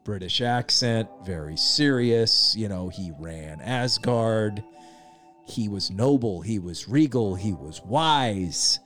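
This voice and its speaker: A man's voice: lowish voice, expressive, slow, a bit bright, soft background music. A man co-hosting a casual film review chat, agreeable and talkative, often chiming in with yeah.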